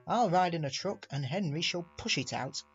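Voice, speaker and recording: A man voicing a brisk, no-nonsense male foreman in a storybook reading. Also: on the high side, animated, husky, lo-fi sound, faint music behind.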